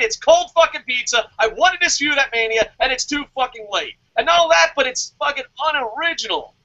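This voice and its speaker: A man co-hosting a wrestling talk podcast, ranting with a lot of swearing in casual chat. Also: very high voice. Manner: profane, ranting, animated. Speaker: wrestling show co-host. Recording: dull lo-fi podcast audio.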